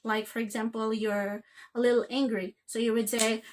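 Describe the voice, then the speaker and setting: A woman teaching an English grammar lesson. Her voice sits a little high. She keeps checking in with "okay?" after almost every phrase. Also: little pitch movement, normal speed, a little hiss or hum.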